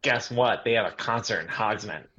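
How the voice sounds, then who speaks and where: A man reads a moody teen goth boy in a comedy reading, delivered flat and offhand. His tone is bright and forward, and the recording sounds dull and lo-fi. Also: fairly low pitch, moderate pace. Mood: deadpan.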